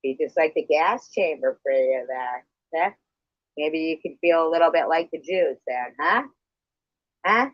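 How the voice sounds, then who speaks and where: A man's voice: fairly high pitch, lively intonation, a little slow, no room sound. A man in a heated livestream argument, hostile, profane and accusing. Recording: dull lo-fi stream audio.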